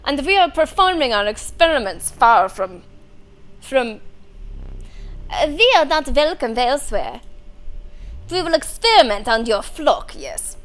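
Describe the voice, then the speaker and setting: A woman's voice: sits high, sing-song, a little slow, long pauses, a bit bright, exaggerated voice. A woman voicing eccentric male mycologist doctors with a put-on German accent, tagging lines with a sly "yes". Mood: sinister.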